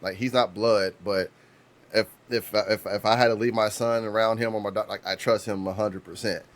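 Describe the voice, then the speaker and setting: Guy in his 30s, low voice, rambling podcast stories, lots of restarts and cussing. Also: fairly even intonation, moderate pace. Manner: rambling storyteller, frequent restarts, swears freely. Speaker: podcast co-host. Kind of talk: casual podcast chat.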